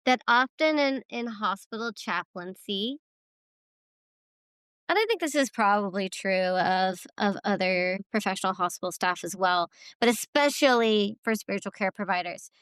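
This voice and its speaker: A woman's voice: medium pitch, moderate pace, a bit bright, clear, resonant tone, dry recording. A woman chaplain co-hosting a podcast, talking candidly and animatedly in casual conversation and swearing freely. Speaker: hospital chaplain, podcast co-host.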